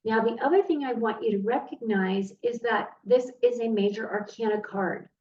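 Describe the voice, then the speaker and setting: A woman's voice: fairly high pitch, normal speed, a little mellow. A woman giving a tarot reading straight to the viewer, earnest and easily moved, recorded from a distance in a roomy space. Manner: earnest, emotional, speaks directly to the viewer. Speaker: tarot reader. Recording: roomy, distant, dull sound with faint noise.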